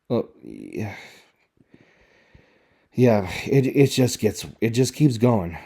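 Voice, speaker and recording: A man's voice: lowish voice, huge pitch swings, takes it slowly, vocal fry, pauses often, mellow. A man giving sarcastic, exasperated commentary as he picks apart a show's dialogue. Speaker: video reviewer. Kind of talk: critical commentary on show dialogue.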